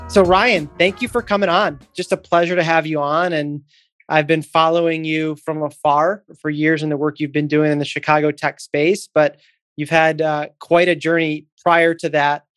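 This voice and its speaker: A man hosting a podcast, reading an introduction and then warmly welcoming his guest in a conversational way. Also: a little high, level tone, normal speed, no echo, faint music behind. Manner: friendly, conversational. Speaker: podcast host. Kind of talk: scripted intro then casual interview.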